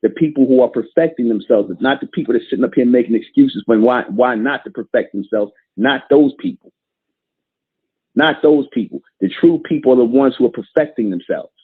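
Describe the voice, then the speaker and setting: Host, male, emphatic repetitive preacher; husky voice over a tinny phone line. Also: medium pitch, quick pace, few pauses. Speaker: show host. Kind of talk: preachy call-in show monologue.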